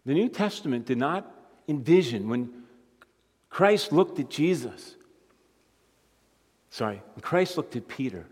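A man preaching as a guest speaker, moving between quiet conversational asides and emphatic rising points. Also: medium pitch, sing-song, unhurried, long pauses, husky. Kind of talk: sermon. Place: church sanctuary. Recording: long hall reverb.

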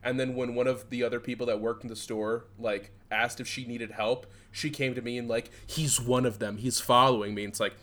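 A young man from Michigan talking casually as a podcast co-host. He rambles through old retail stories, swearing freely and laughing as he goes. His voice sits at an ordinary pitch for a man. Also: little pitch movement, a little fast, hardly any pauses. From Southeast Michigan. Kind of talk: casual chat.

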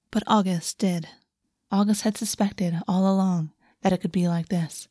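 A woman reading a fantasy romance aloud as narrator, in a soft, steady storytelling voice on a close microphone. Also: fairly low pitch, moderate pace, slightly rough, dry recording. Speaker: audiobook narrator. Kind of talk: scripted narration.

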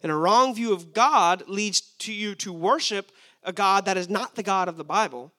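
A man's voice: high-pitched, moderate pace, sharp tone. A young man preaching a sermon, emphatic and asking his listeners rhetorical questions.

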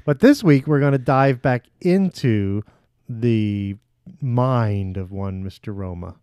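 A man's voice: medium pitch, takes it slowly, darkish tone, clean tone, no room sound, clean studio sound. A man co-hosting a comedy podcast, easygoing and teasing in casual banter. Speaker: podcast co-host.

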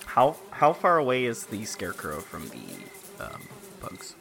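A player describing their character's actions in a tabletop game, relaxed and unhurried. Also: mid-range voice, vocal fry, a little hiss or hum. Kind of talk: tabletop role-play.

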